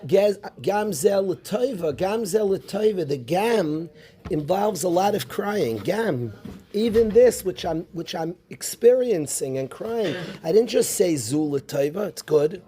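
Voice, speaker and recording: A man teaching an informal Torah class as a rabbi, animated, firing rhetorical questions and mixing Hebrew terms into his English. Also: fairly high pitch.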